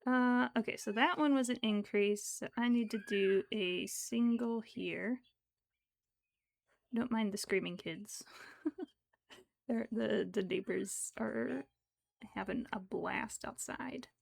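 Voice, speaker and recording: Slow-talking woman cooing at her cat. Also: a little high, creaky. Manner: coos baby talk to her cat while crocheting. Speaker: crochet streamer. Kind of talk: casual livestream chat.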